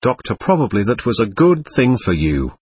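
Man reading a stern, patient male doctor, husky, lectures steadily. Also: mid-range voice, big pitch swings, normal speed, darkish tone, dry recording, studio quality. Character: calm, firm male doctor questioning a spirit. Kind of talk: reading a séance transcript aloud.

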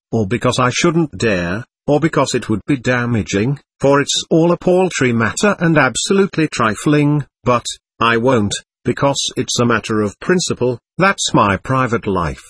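A man voicing an excitable, proud nobleman under police questioning, talking on and on in a defiant way. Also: medium pitch, slightly rough, no echo. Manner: voluble, defiant, laughing nervously.

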